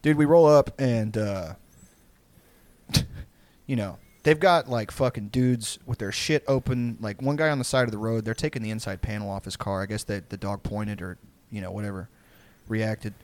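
A man's voice: fairly low pitch, moderate pace, darkish tone, no echo. A young man with a drawl tells a sprawling story in loose, casual talk. He rambles and swears freely, breaking into laughter along the way. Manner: rambling, profane, laughing often.

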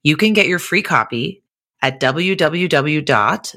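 A woman's voice: low voice, lively intonation, a little slow, a bit bright. A middle-aged woman hosting a podcast, talking in an upbeat, grateful way. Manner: upbeat, thankful, enthusiastic. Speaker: podcast host. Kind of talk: podcast intro and chat.

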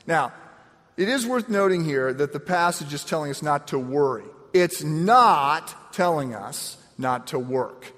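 Pastor preaching in an echoing hall. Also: male voice, a little slow. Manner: storytelling with lively, animated swings in pitch. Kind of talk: sermon. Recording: long reverb of a large hall.

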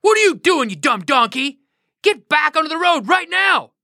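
Woman doing a greedy male prophet, hot-tempered, shrill yelling, storybook. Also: lively intonation, extremely slow, no echo, studio quality, full character voice. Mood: angry.

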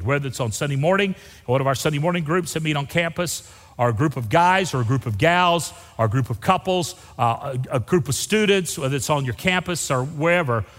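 A middle-aged man, an interim pastor preaching a folksy, animated sermon and joking with the congregation. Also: fairly high pitch, in a large hall.

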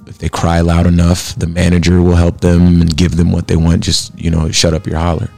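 A male host with a very deep, gravelly voice, talking things over in a reflective, explaining manner. Faint music runs underneath. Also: completely flat delivery, a little fast, darkish tone. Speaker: podcast host. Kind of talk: casual chat.

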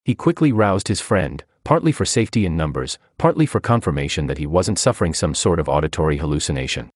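A man reading a feature article aloud as scripted narration, in an expressive storytelling manner. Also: low voice, fast talker, no room sound, clean studio sound.

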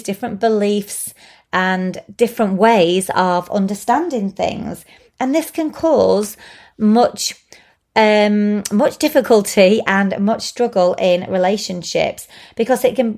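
Woman talking gentle and thoughtful, repeats stuff for emphasis, mid pitch. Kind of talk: reflective talk to camera.

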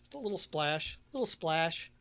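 A man's voice: a little high, animated, normal speed, gravelly, pushed and bright. A man hosting a podcast, chatting casually and jokingly while mixing a drink, humming along as he goes. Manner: jokey and rambling, hums and sings along. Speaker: podcast host.

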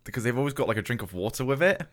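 A man's voice: mid-range voice, sing-song, racing. A man guesting on a podcast, chatting casually in a dry, understated way.

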